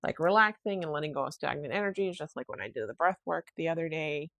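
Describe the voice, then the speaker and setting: A woman's voice: low voice, animated, quick pace, a bit bright, no echo. A young woman hosting a solo podcast, rambling in a chatty, self-reflective way. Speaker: podcast host. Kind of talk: casual solo podcast chat.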